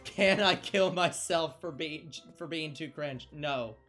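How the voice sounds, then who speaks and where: A man's voice: on the high side, slow pace, sharp tone, faint music behind. A man co-hosting a casual gaming stream, laughing often and reading chat aloud as he banters. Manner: laughing, self-interrupting, reads chat aloud. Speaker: stream co-host.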